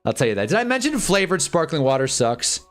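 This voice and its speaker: A man's voice: a little high, very animated, fast talker, soft background music. A man in his twenties ranting casually on a livestream, rambling and joking with frequent laughs. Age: 20s. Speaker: livestream host.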